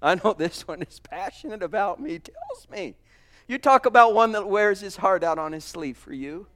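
A man preaching a sermon, fervent, swinging between loud exclamations and hushed asides. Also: high-pitched, very animated, normal speed.

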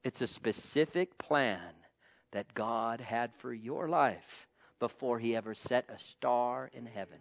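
A man preaching a sermon, calling out to the congregation and swinging between soft pleading and loud, impassioned exclamation. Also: mid-range voice, slow pace, gravelly. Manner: calls out to the congregation. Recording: dull lo-fi sound.

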